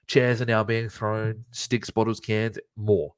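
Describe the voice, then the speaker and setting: A man co-hosting a podcast, retelling a wrestling show in excited, profane casual chat. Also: fairly low pitch, moderate pace, dry recording, studio quality. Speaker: podcast co-host.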